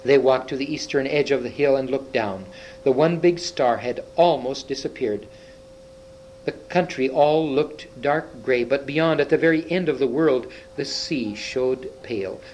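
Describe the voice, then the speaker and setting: A man's voice: mid-range voice, unhurried, darkish tone, slight background noise, rough recording. A man reading a children's fantasy book aloud, with small slips and restarts. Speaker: reader.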